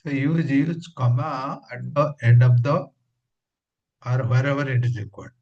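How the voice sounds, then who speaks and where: A man teaching a slow grammar lesson. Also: medium pitch, steady tone, a little mellow. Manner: slow, repeats examples, gives plain rules. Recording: dull lo-fi sound.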